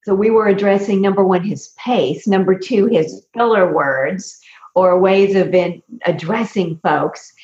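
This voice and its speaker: This is a woman communication coach who explains her points in a lively, animated way. Her voice sits at a middle pitch. It sounds roomy and slightly dull, as if she is on a remote connection. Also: a little slow. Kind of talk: interview guest. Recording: echoey dull remote audio.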